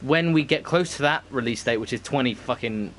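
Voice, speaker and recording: A man's voice: mid-range voice, brisk, background noise. A man streaming a video game, chatting casually with friends and swearing freely as he rambles. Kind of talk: casual chat over gameplay.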